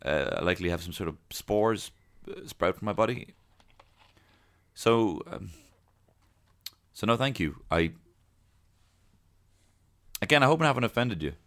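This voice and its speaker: A man's voice: fairly low pitch, lively intonation, fairly bright tone. A man doing a flustered Irishman. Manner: stammering, nervous and fast.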